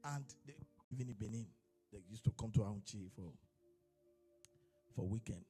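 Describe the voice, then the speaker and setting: A man preaching a sermon as a pastor, moving from quiet storytelling into shouted, chanted exhortation. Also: fairly low pitch, normal speed, husky. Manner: preaching with rising shouts and chanted, sung phrasing. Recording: long hall reverb with faint music.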